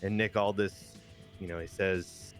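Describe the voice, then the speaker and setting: A man telling the story of a wrestling video game in casual, animated commentary with crude jokes. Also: low voice, a little slow, soft background music.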